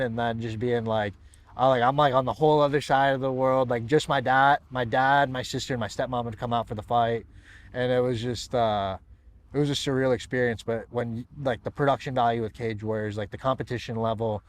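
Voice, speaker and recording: A young American man telling stories in a relaxed chat, laughing often and stringing thoughts together with many fillers. His pitch sits right in the middle for a man. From San Diego, USA. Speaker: guest fighter. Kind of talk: casual chat.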